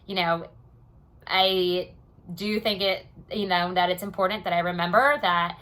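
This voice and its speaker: A woman's voice: lowish voice, steady tone, a little slow, a bit bright. A young American woman talking casually in a personal diary vlog, rambling with many "you know" and "um" fillers. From United States. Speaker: vlogger.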